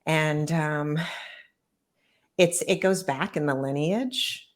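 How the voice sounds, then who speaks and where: A middle-aged woman, a guest author, recounting painful memories in an earnest, measured way during an interview. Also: sits low. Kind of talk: personal storytelling interview.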